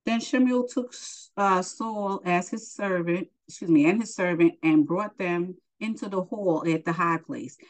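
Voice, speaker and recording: Lady teaching bible study, lowish voice, reads the verses then chats about them. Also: measured pace, hardly any pauses, low-quality recording. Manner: reads aloud, breaks off to explain in casual asides. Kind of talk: reading scripture aloud with commentary.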